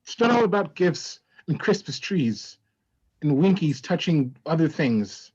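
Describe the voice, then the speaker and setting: A hesitant young woman, played by an actor in an improvised stage comedy. She talks sheepishly at a middle pitch. The sound is dull and muffled. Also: very animated, unhurried, darkish tone, husky. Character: young woman fleeing an engagement.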